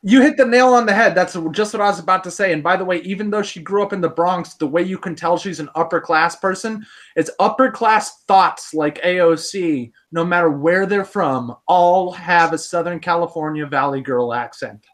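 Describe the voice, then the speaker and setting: High-pitched male co-host, mocking and profane, casual podcast banter. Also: moderate pace, hardly any pauses, a bit bright. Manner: blunt, crude and mocking. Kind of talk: casual panel chat.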